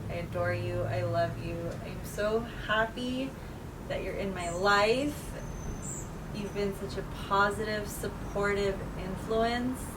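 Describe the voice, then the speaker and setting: A woman talking casually to the camera in a vlog, relaxed and chatty, trying to enunciate clearly. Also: mid-range voice, slow, distant mic, background noise. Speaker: vlogger.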